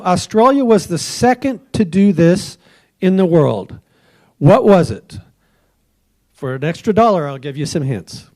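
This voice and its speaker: Guy with a high voice running a club trivia quiz, chatty and jokey, selling hints for a buck. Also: a little mellow. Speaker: quizmaster at a club meeting. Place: club meeting room.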